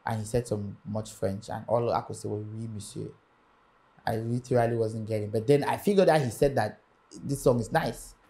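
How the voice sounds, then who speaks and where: Animated man telling a story. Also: lowish voice, normal speed. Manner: animated storyteller acting out quoted voices. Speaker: music artist guest. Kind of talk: storytelling interview.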